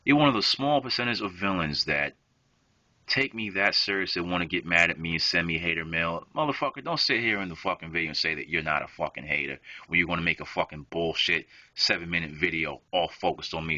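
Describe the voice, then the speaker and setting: A man's voice: deep voice, quick pace, pushed and bright, dry recording. A young man, an online gamer, delivering a profane, confrontational rant straight at a rival. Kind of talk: angry rant to camera. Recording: dull lo-fi home recording.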